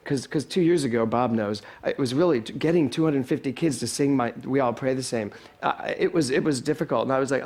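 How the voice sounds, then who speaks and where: A male pastor telling a lively, self-deprecating story to his congregation during a sermon, chuckling along the way. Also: mid-range voice, fairly quick. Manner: animated, self-deprecating humor, chuckles often. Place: spiritual center sanctuary.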